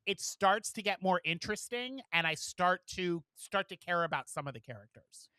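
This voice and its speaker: A man's voice: high voice, expressive, normal speed, sharp tone, clear, resonant tone, dry recording. A man co-hosting a casual podcast, chatting loosely and swearing freely as he recaps a show. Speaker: podcast co-host. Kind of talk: casual chat.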